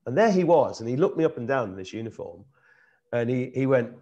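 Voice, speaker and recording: Middle-aged British host, earnest and animated, keeps restarting his sentences. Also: mid-range voice, fairly quick, highs cut off. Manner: earnest, animated, repeats himself while searching for words. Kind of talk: casual conversational storytelling.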